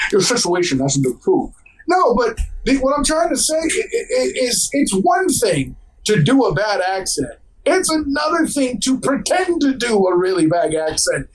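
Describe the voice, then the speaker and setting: A man's voice: extremely high pitch, very animated, normal speed, slight background noise, poor audio. A man co-hosting a podcast who cracks jokes and teases his co-host in casual chat about movies. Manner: wisecracking, teasing.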